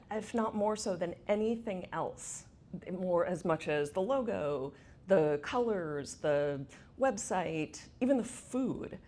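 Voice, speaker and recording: Her voice is medium-pitched and warm as this middle-aged conference speaker addresses an audience in an event space. She keeps it chatty, asking the room questions.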